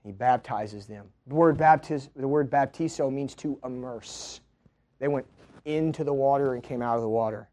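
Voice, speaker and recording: A male preacher delivering a sermon, moving from quiet teaching to loud proclaiming. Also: steady tone, normal speed. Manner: builds from low, quiet teaching to loud, high-pitched proclaiming.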